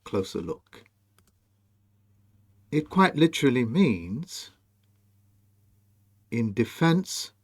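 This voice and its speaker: Slow, commanding low-voiced man. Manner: slow, emphatic and commanding, addressing the viewer directly. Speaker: video presenter. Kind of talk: scripted monologue over on-screen images.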